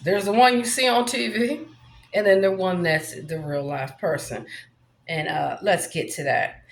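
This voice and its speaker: A woman's voice: fairly low pitch, steady tone, measured pace, roomy sound. A woman vlogging in a rambling monologue, brash and profane, swaggering as she talks.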